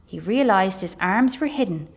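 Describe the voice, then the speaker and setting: A woman reading a children's storybook aloud as a library storyteller, expressive and measured. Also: mid-range voice.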